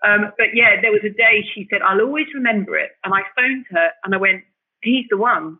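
A woman telling her story as an interview guest, animated and emotional, often restarting her sentences. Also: mid-range voice, fairly quick, husky. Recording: tinny phone-like line.

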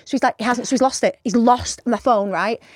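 Fast-talking woman. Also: a little high, no echo, clean studio sound. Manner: chatty storytelling, swears freely. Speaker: podcast co-host. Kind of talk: casual chat.

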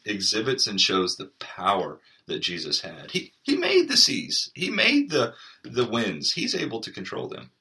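Male podcast co-host, earnest Bible-study talk, forceful bright tone. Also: lowish voice, wildly swooping pitch, a little slow. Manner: earnest, reads scripture aloud. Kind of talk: casual Bible study chat.

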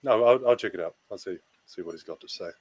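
A man's voice: lowish voice, quick pace, breathy edge. A young man with a New Zealand accent, a basketball player answering press questions in a laid-back, self-deprecating way. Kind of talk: post-game press interview.

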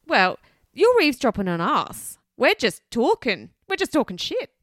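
A woman's voice: sits high, huge pitch swings, normal speed, fairly bright tone, no echo, studio quality. A woman co-hosting a podcast, chatting in an easygoing, giggly way. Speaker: podcast co-host. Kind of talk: casual chat.

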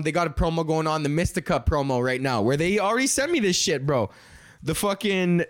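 A young man hosting a casual solo podcast, rambling and swearing as he pitches ideas and laughs at his own jokes. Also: lively intonation, fairly quick, no echo, studio quality. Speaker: podcast host.

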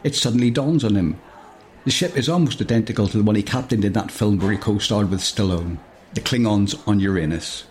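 Reading a funny story out loud, this podcast host and storyteller talks fast in a fairly low, darkish voice. His delivery is full of jokes, frequent laughter, and digressions that interrupt the tale.

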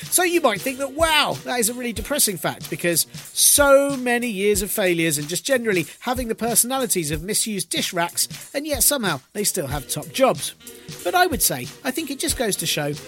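A man hosting a podcast, delivering a dry, mocking political comedy monologue with quick asides. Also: very high voice, big pitch swings, a bit bright, faint music behind. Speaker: podcast host.

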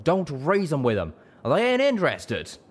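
Man putting on a high shouting pegasus mare, rough and brash, storybook fight. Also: wildly swooping pitch, normal speed. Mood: yelling. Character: brash tough female pegasus pony gunner.

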